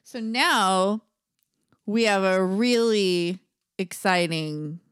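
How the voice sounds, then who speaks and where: A woman's voice: mid-range voice, very slow, clean tone, dry recording, clean studio sound. A woman co-hosting a podcast in casual chat, laughing often and drifting back from the mic. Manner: giggly, laughs often between words. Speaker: podcast co-host. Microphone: sits back from the mic.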